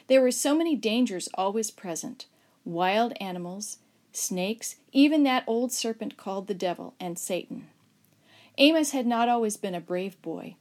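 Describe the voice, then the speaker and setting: Lady reading a kids' story out loud, expressive, mid pitch. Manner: expressive, acts out shouts and whispers. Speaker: narrator.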